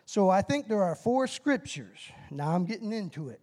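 A middle-aged man preaching a short, timed sermon with call-and-response. He is excitable and folksy, laughs at his own nerves, and bursts into shouted whoops. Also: high voice, moderate pace. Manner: folksy, self-deprecating about his nerves. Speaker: lay preacher.

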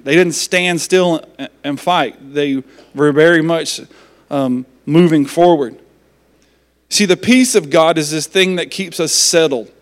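A man pastor, preaching a sermon in a folksy, joking manner. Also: fairly high pitch.

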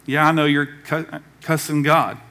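Bright-voiced Southern pastor preaching. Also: male voice, on the high side, flat delivery, moderate pace. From American South. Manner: conversational, acts out quoted voices. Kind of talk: sermon.

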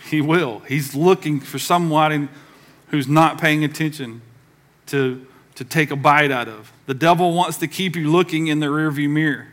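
A middle-aged man, preaching a sermon in a church in a lively, conversational way that acts out the voices he quotes. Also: a little high. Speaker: pastor. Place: church sanctuary.

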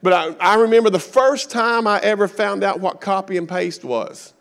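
A man's voice: high voice, moderate pace, vocal fry. A middle-aged man with a Kentucky accent, preaching a sermon as a guest speaker in a folksy, joking storytelling manner.

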